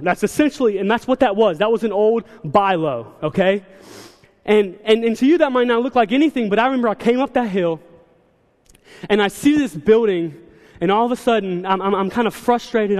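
A young man preaching a sermon in a church, telling stories with quick, animated asides. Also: high-pitched. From South Carolina. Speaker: church speaker. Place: large church hall. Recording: long hall reverb.

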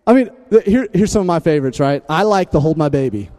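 A man preaching a lively, humorous sermon as pastor, energetic and jokey, swinging from loud calls to hushed asides. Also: a little high, quick pace.

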